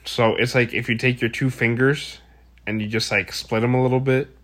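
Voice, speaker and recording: A man in casual chat, laughing along, swearing, and describing things in halting detail. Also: mid-range voice, steady tone, a bit bright.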